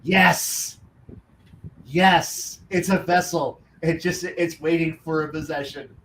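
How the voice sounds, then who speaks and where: A man in a casual live-stream chat, excitable and quick to laugh. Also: a little high. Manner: excitable, bursts into laughter and silly voices. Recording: echoey, distant mic with faint hiss.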